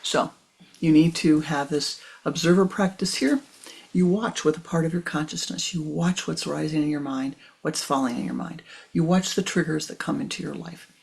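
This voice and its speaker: Older woman, spiritual teacher, low voice, gravelly, soft half-whispered delivery, repetitive emphasis. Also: unhurried.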